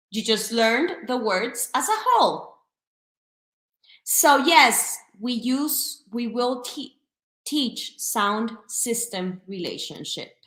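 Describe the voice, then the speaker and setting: A slow, demonstrative woman leads an online teacher training from her computer, carefully sounding out each speech sound. Her voice sits fairly high and bright. The webcam mic catches an echoey room around her. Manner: lively, demonstrative, sounds out phonemes. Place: home room, alone at computer.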